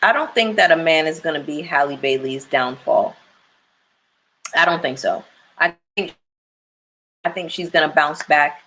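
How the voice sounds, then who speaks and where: A woman's voice: low-pitched, lively intonation, unhurried, pauses often, a bit bright, a little hiss or hum, poor audio. A young woman hosting a live stream, talking candidly and emphatically to her viewers and reading their comments aloud. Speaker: livestream commentary host.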